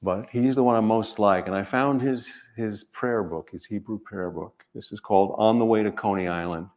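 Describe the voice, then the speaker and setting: A man, an author, speaking gently and reflectively in short measured phrases, then reading his own writing aloud. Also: on the low side.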